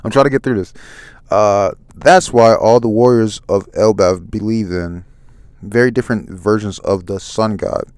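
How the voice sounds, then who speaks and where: A man in a soft-spoken ASMR comic review, reading haltingly, stumbling over words and apologizing. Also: fairly low pitch, clear, resonant tone, dry recording. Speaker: ASMR manga reader.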